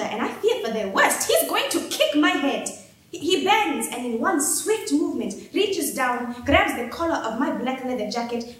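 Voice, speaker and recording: A woman performing a dramatic first-person story in a staged reading, expressive and wry, heard in an echoey theater hall. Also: high voice, a little hiss or hum.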